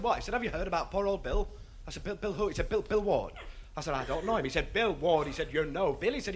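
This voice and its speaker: A man's voice: high-pitched, fairly bright tone. A man telling a pub story on stage in a stand-up act, in a chatty patter that repeats lines for effect. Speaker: stand-up comedian. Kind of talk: stand-up joke telling to a live audience. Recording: noisy 1970s TV stage recording.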